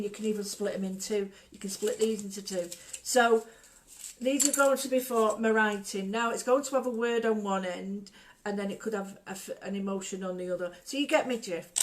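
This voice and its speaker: A woman's voice: mid-range voice, slight background noise. A middle-aged woman hosting a casual craft tutorial, chatty and jokey, drifting off into stories. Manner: chatty, digressive, jokey storyteller. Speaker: art workshop host.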